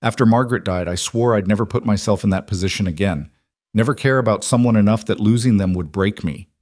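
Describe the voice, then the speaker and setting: A man's voice: on the low side, quick pace, a little mellow, no echo, studio quality, close to an everyday voice. A man reading the part of a talkative, cheerful widowed frontier husband, speaking earnestly.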